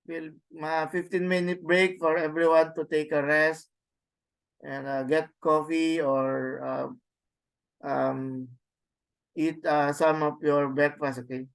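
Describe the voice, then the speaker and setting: A man with a Filipino accent lectures a class on Greek vocabulary. His voice sits high for a man, and he speaks slowly and haltingly, repeating words and tagging sentences with "no?". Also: flat delivery, clean tone. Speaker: Greek teacher.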